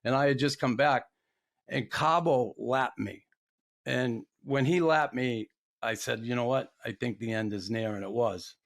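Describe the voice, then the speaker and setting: A man's voice: medium pitch, a little slow. An older man hosting a podcast, telling profane anecdotes in casual chat and laughing as he goes. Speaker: podcast host.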